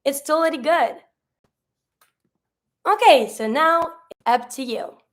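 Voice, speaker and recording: A woman with a fairly high voice gives a French lesson in English. She asks the learner questions patiently and says French greetings slowly as examples. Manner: mixes French phrases into English explanation. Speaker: French teacher. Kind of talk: online language lesson.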